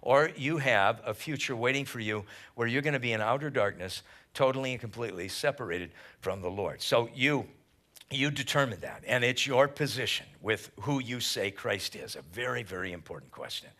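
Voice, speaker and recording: A pastor preaching a midweek Bible study sermon at church, emphatic and animated, mixing scripture with casual slang. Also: male voice, medium pitch, moderate pace.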